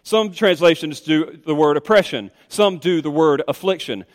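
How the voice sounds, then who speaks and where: A male pastor preaching a sermon, emphatic and animated, swinging between loud insistent stretches and hushed asides. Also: a little high, normal speed. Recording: reverberant hall.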